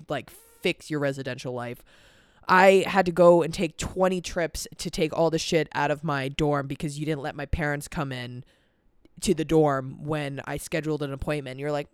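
The voice is mid-range, clear and resonant, captured in a dry recording with clean studio sound. It belongs to an eighteen-year-old podcast host who, in a casual vlog-style chat, wearily rambles and swears about stress and a busy month, using "like" as a constant filler. A camera on a timer records in a cold indoor room.

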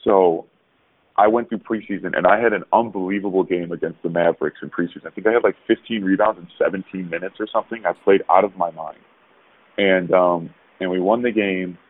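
A man, a former pro basketball player, telling rambling, animated stories as a podcast guest over a call. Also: low-pitched, brisk. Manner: rambling, animated, with frequent restarts. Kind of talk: casual storytelling. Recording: tinny phone-like dry sound.

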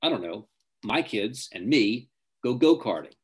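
A man's voice: mid-range voice, animated, unhurried, a little mellow, breathy edge. A middle-aged man, a driving coach, giving emphatic advice as an interview guest. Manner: emphatic, acts out quoted parents and teens.

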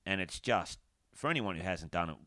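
A man's voice: low voice, lively intonation, brisk, fairly bright tone, no room sound, studio quality. An Australian man in a casual chat, laughing often and encouraging his mate. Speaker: podcast co-host.

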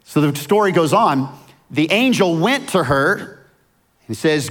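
High-voiced man preaching a casual sermon. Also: animated, a little slow, a bit bright. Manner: casual, vivid storytelling with slang. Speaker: pastor.

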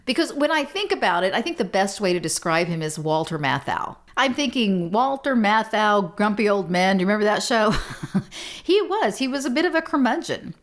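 A middle-aged woman hosting a podcast, telling a story in a casual, animated, self-deprecating way with frequent laughs. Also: medium pitch, brisk. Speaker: podcast host.

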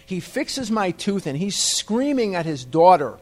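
Man, wry self-deprecating storyteller, slightly higher voice, conversational. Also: sing-song, measured pace, few pauses, a little mellow. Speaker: speaker at a recovery meeting. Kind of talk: humorous personal storytelling to an audience.

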